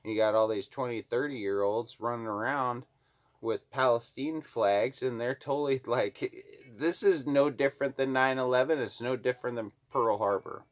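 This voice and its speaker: A man's voice: medium pitch, normal speed. A man from Alaska ranting heatedly to the camera, swearing constantly. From Alaska, USA. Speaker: vlogger. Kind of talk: angry political rant to camera.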